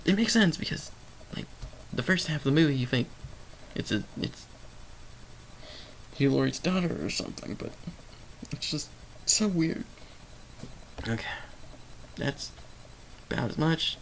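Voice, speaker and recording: A vocal-fry-heavy voice at mid pitch talks through a movie off the top of the head. The speech wanders in stream-of-consciousness fashion, with restarts and fillers. A faint hum of ambience sits behind the voice. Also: lively intonation, a little slow, long pauses, rough recording. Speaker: movie reviewer. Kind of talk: unscripted rambling movie review.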